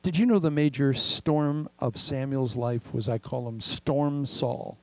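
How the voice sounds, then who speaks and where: An older man preaching a sermon as pastor, animated and acting out the voices he quotes. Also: medium pitch, unhurried, no echo, rough recording.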